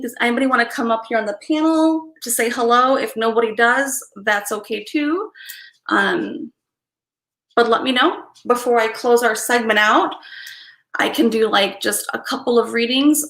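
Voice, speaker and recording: A woman's voice: on the high side, moderate pace, a bit bright. A woman hosting a casual live stream, chatty and apologetic, often laughing as she talks to viewers about card readings. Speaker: livestream host doing card readings. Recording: echoey room.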